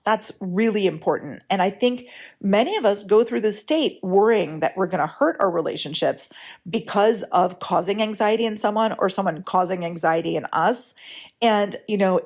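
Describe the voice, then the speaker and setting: A woman's voice: medium pitch, normal speed, a little mellow. Chatty woman podcast host, frank. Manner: chatty, keeps checking in with "right?"; frank, lightly profane. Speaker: writing coach and podcast host. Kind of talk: casual solo podcast talk.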